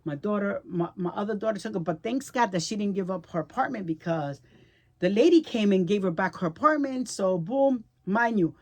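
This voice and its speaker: A woman's voice: medium pitch, expressive, moderate pace, a little mellow. A middle-aged woman vlogger telling a personal story in casual chat, emotional and repetitive, often checking in with the listener. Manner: emotional, chatty, repeats herself, checks in with "right?".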